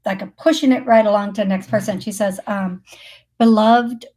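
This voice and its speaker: A woman with a mid-range, fast, somewhat dark voice hosts a live psychic call-in show. She chats her way through readings, laughing often and thinking aloud with plenty of fillers.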